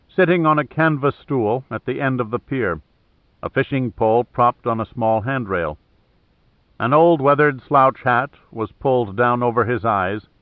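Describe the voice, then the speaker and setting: A man narrating an audiobook in a steady, measured way. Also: medium pitch, no room sound. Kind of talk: scripted narration. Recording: thin phone-like dry audio.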